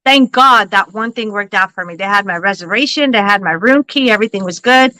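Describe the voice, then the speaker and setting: A woman hosting a psychic-reading livestream, telling a story in an animated, laughing way and swearing freely. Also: mid-range voice, brisk, no room sound, rough recording. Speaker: psychic reader and livestream host.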